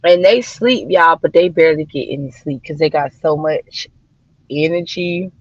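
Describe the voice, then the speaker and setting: A woman's voice: low-pitched, normal speed, a little mellow, no room sound. A woman talks loosely on her livestream, cussing freely and calling her viewers y'all and child. Her voice is dry and close, with a slightly dull, lo-fi sound. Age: adult mother of daughters. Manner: chatty, swearing, addressing viewers as y'all and child. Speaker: livestream host. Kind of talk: casual livestream chat.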